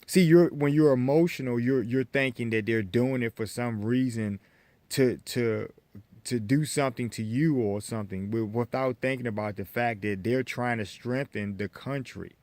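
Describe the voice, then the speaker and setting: Lecturing American man, halting restarts. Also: mid-range voice, darkish tone, dry recording. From United States. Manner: lecturing, repetitive restarts, addresses viewers as folks. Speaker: vlogger. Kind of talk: opinion monologue to camera.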